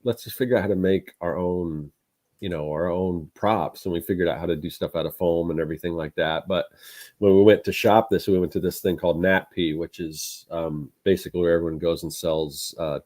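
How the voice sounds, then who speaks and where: A man's voice: deep voice, steady tone, brisk, darkish tone. A middle-aged man co-hosting a podcast, telling a rambling story with lots of fillers. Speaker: podcast co-host, artist. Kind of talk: casual chat.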